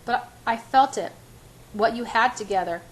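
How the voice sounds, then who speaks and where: A woman's voice: a little high, moderate pace, lightly acted. A woman reading the lines of an anxious, unsure young woman in her own voice. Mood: hurt.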